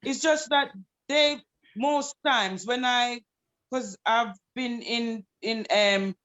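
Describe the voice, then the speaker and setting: A woman's voice: fairly high pitch, takes it slowly, a bit bright, muffled recording. Chatty, rambling British woman host. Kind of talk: casual group discussion.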